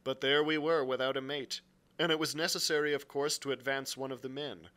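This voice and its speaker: A man reading a classic adventure novel aloud, expressive, with occasional slips he corrects. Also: mid-range voice, fairly quick. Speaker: library reader.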